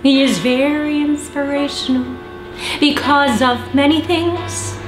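A young woman singing a musical theatre song as a shy girl smitten with a barista, in dreamy, drawn-out phrases. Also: high voice, steady tone. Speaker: auditioning actor. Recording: echoey room, faint music.

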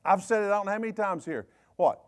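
A man with a Southern US accent, a bishop preaching a sermon in a folksy, joking way with quick asides. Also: high-pitched. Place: church service.

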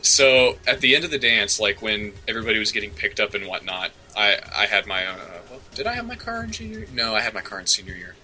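A man's voice: lowish voice, sing-song, fast, hardly any pauses, bright, forceful tone, poor audio. A young man co-hosting a podcast, telling a rambling personal story with many fillers and restarts. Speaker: co-host. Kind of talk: casual chat.

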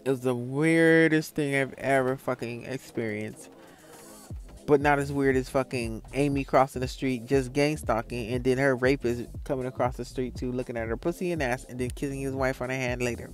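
A man's voice: mid-range voice, moderate pace, soft background music. A man from Florida telling a rambling, profane story in a casual vlog monologue. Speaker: vlogger.

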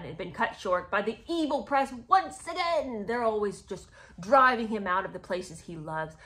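A woman's voice: lowish voice, a bit bright. A woman giving casual, sarcastic commentary on a memoir and talking straight to her viewers as friends. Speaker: book commentator. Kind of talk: casual book commentary with read-aloud passages.

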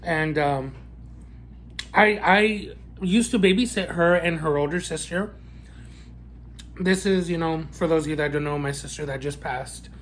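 Slight background noise sits behind a male food vlogger whose voice runs on the high side. He reviews fast food in a mukbang vlog, sassy and playful, making frequent mm and wow sounds as he savors each bite.

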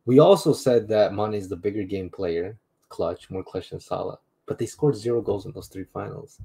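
A man's voice: on the low side, moderate pace, gravelly, mellow, breathy edge. A man on a football panel, talking in a laid-back casual way with laughs.

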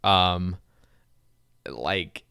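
A man hosting a casual gaming podcast, talking in a relaxed, rambling way. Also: low-pitched, extremely slow, creaky, clean tone, dry recording, clean studio sound. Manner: relaxed, rambling with many "like" fillers. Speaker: podcast host.

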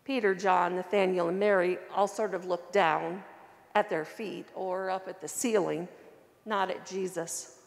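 A woman's voice: on the low side, fairly even intonation, measured pace, gravelly, long reverb tail. A woman reading a children's story aloud in church and then explaining its lesson.

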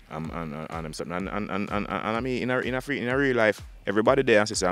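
A man with a Jamaican accent, a dancehall artist talking fast in animated patois in an interview. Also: on the low side, faint music behind. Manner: fast animated patois, frequent "dog" and "you understand".

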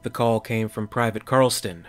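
A man narrating a science-fiction story in a measured, dramatic way. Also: medium pitch, faint music behind.

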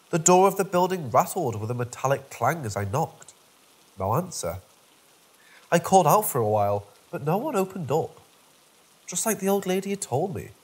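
Guy reading a creepy story out loud, husky voice, goes up and down a lot, kinda dry and wry about it. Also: medium pitch. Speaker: horror story narrator. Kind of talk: scripted first-person horror narration.

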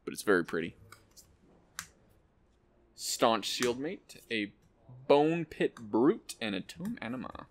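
A man hosting an unboxing, excitedly calling out card names and cracking quick jokes as he goes. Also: medium pitch, slight background noise. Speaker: host opening card packs. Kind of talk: casual unboxing commentary.

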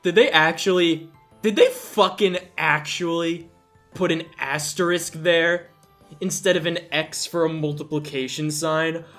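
A man's voice: fairly high pitch, fairly even intonation, a little slow, a bit bright, faint music behind. A man hosting a let's play, giving casual, sarcastic, exasperated commentary full of swearing.

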